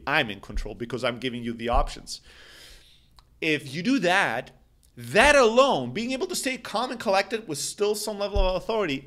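A man coaching salespeople in an emphatic, animated talk to camera, repeating his key phrases. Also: fairly high pitch.

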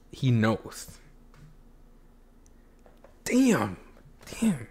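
A man making a reaction video at home, talking straight to his viewers and breaking into loud exclamations and cheers. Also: medium pitch, lively intonation, unhurried. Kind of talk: excited reaction commentary. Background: faint music playing.

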